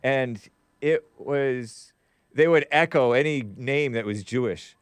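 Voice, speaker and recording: A man reads viewer chats on the live talk stream he hosts, wry and quick to laugh, often trailing off and beginning again. His mid-range voice is slow, clear, and resonant, recorded with no room sound.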